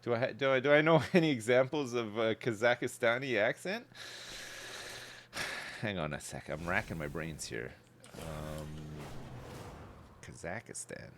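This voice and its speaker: The background is noisy as a man in his thirties chats with viewers during a gaming stream from his home setup. His lowish voice has lively intonation but moves a little slowly, with long pauses. He rambles from one thought to another, answers chat, and swears casually.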